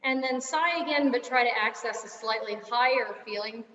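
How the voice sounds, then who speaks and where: High-voiced young woman leading vocal warm-ups. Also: moderate pace. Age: young adult. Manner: encouraging, uses vivid images. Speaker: choir director. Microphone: video call. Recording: roomy dull video-call audio.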